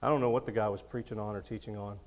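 A man in his thirties preaching a sermon in a storytelling way, laughing often and swinging between quiet, close moments and loud ones. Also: lowish voice, steady tone, rapid-fire. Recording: long hall reverb.

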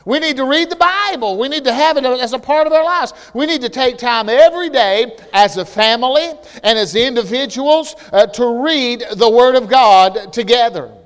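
A male pastor preaching a sermon with passion, sometimes rising to shouts and often restarting his words. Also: extremely high pitch, moderate pace, few pauses, clear, resonant tone. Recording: long hall reverb.

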